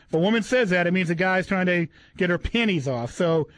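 Boston guy with a high voice joking around on a podcast, dry close sound, keeps repeating words. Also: fairly quick, fairly bright tone, dry recording, low-quality recording. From New England. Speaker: podcast host. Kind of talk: casual comedic chat.

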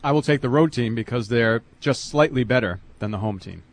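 A man's voice: medium pitch, slight background noise. A man on a football picks panel who jokes and makes wordplay in casual sports chat. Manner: quick, joking, wordplay.

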